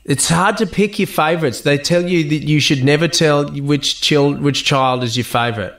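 An Australian man, a guest actor and musician, chatting casually in an interview, telling lively stories, laughing and swearing freely. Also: on the high side, normal speed. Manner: animated storyteller, laughs often, swears casually.

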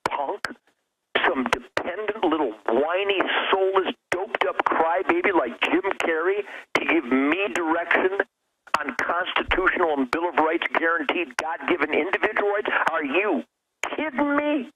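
A man's voice: a little high, normal speed, bright, forceful tone. An older man speaking as a guest on a political talk radio show, fiery and emphatic, stumbling over repeated words in bursts. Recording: muffled lo-fi radio line with noise.

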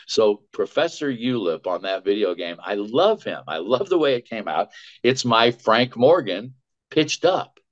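Low-voiced man telling showbiz anecdotes. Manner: chatty, animated anecdotes with quick asides. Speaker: voice actor guest. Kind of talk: casual storytelling. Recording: dull lo-fi sound.

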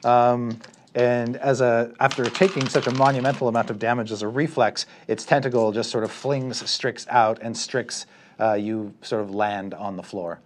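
A man running a tabletop game as dungeon master, narrating the scene with lively asides to the players. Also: medium pitch, moderate pace, a little hiss or hum.

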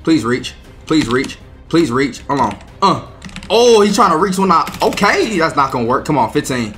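A young man giving loud, slangy, trash-talking commentary while playing a basketball video game. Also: a little high, sing-song, normal speed, soft background music. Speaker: gaming YouTuber. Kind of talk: gameplay commentary.

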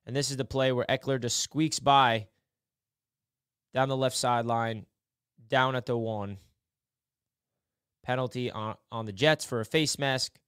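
Excitable man breaking down game film. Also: a little slow, pauses often, clear, resonant tone, no room sound, clean studio sound. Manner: excitable, swings from low muttering to shouting. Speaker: sports film breakdown host. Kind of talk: casual football commentary.

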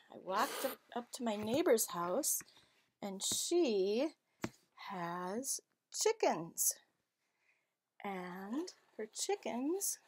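Woman doing storytime for little kids, super sing-songy, slow and lively, a bit of hiss behind. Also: fairly high pitch. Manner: sing-song, exaggerated questions and gasps for kids. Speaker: children's storytime presenter. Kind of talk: teaching young children.

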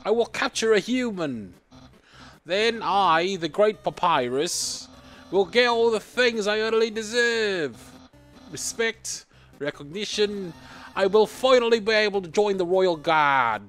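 A man's voice: high-pitched, animated, measured pace, a bit bright, faint music behind, pitched above the performer's own voice. A man voicing a boastful, eager skeleton with a stilted mock-British delivery. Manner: bombastic, self-important, stilted mock-British.

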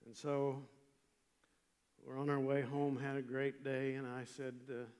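An older man preaching a chapel sermon, telling a story with emphatic swings from loud passages to hushed ones. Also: mid-range voice, monotone, measured pace, clean tone. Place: large chapel. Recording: long hall reverb.

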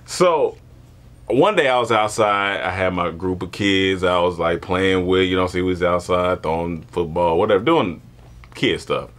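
A man telling a comedic childhood story in casual chat, animated and laughing often, acting out voices. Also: deep voice, normal speed. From born in Germany, grew up partly in Panama.

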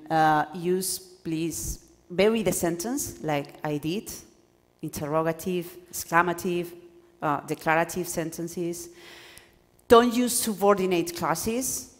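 Animated woman lecturing in a reverberant hall. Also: fairly low pitch. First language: Spanish. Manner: animated, acts out examples, stumbles and restarts. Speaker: workshop lecturer. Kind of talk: lively workshop lecture.

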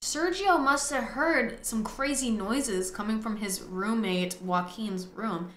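A chatty, excitable woman narrates her gameplay, swearing freely and calling out to the characters. Her voice is bright and sits a little high. The room around her is echoey, with faint game music underneath. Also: slow pace, a little hiss or hum. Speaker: gaming host. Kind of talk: casual gameplay commentary.

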